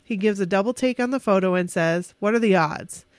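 A woman casually telling an excited, emotional story on a podcast, with restarts and quick bursts. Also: mid-range voice, dry recording.

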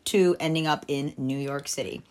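A woman's voice: sits low, steady tone, normal speed, darkish tone, a little hiss or hum. A woman co-hosting a casual podcast, joking around and repeating words for laughs. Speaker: podcast co-host. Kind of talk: playful casual podcast chat.

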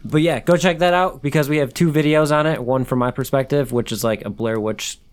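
An easygoing man co-hosting a podcast, with a middle-pitched voice. He runs through show plugs in a relaxed, even way. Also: brisk, clean tone. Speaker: podcast co-host. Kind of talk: casual chat.

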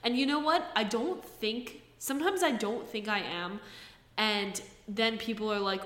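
A woman's voice: mid-range voice, normal speed, a bit bright. A young woman from New Jersey co-hosting a podcast in a playful, teasing casual chat. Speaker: podcast co-host. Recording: echoey room.

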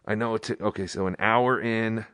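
A man's voice: fairly low pitch, fairly even intonation, fairly quick, fairly bright tone, smooth, no room sound, clean studio sound. A man hosting a live podcast, giving casual, wry commentary over a clip he plays. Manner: chatty, wry, lots of "like". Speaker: podcast host.

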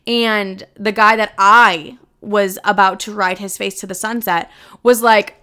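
A woman hosting a podcast, talking in a candid, animated and profane way about her private life. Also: mid-range voice, measured pace, smooth. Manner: candid, profane, animated, acts out her own quoted lines. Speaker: podcast host. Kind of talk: casual podcast monologue.

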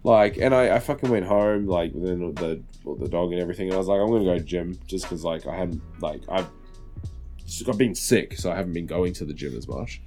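A low-voiced man in his thirties rambles through a casual podcast chat, swearing freely, with faint guitar music underneath. He jumps loudly into his stories to act out what people said. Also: fairly quick. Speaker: podcast co-host.

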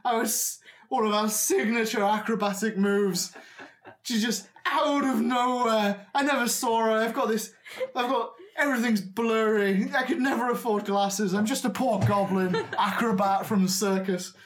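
A woman's voice: a little high, steady tone, moderate pace, reverberant, voice pushed up, natural voice. A woman voicing an injured old male goblin circus acrobat, melodramatic and self-pitying. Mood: wailing.

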